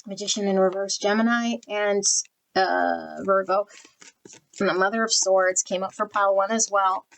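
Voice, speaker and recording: This female tarot reader has a steady, mid-range voice that is gravelly yet a bit bright, and she talks at normal speed over poor audio. Offering a general pick-a-card reading, she channels energy, uses blunt spiritual language, and calls out the cards as they're drawn.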